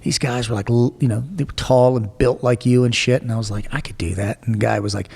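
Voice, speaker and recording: A gravelly man in his forties tells his life story bluntly, swearing freely. His voice has a rough edge and trails off into a long reverb. He sounds animated and plain-spoken. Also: medium pitch, fast. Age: 40s. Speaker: guest. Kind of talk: casual storytelling interview.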